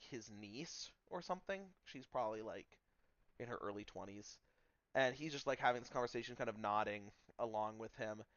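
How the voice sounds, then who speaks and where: A man's voice: medium pitch, dry recording, lo-fi sound. A man narrating a tabletop game as game master, casual and full of fillers.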